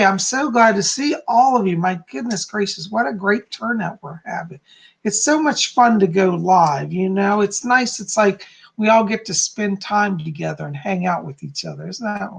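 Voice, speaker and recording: A man's voice: high voice, vocal fry, breathy edge. A man hosting a live psychic medium stream, chatting casually and greeting his viewers by name with an upbeat, friendly manner.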